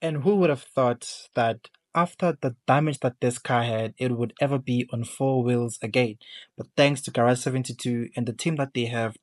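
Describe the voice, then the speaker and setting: A man narrating his car-rebuild vlog in a relaxed, chatty voice-over that talks straight to his viewers. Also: mid-range voice, no room sound. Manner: relaxed, chatty walkthrough, addressing viewers as guys.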